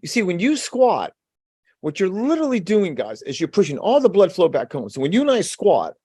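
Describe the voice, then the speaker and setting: An energetic man teaching in a webinar, pitched a little high, with a swooping, animated delivery. He repeats key phrases and calls on his listeners to answer back. The sound is dry and close. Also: fairly quick, slightly rough, dry recording. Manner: energetic, call-and-response teaching. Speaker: PA exam prep instructor. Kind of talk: lively webinar lecture.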